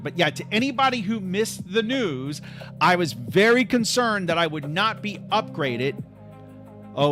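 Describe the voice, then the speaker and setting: A man hosting a livestream in casual chat, rambling and joking at his own expense. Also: medium pitch. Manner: rambling, joking, self-deprecating. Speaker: livestream host.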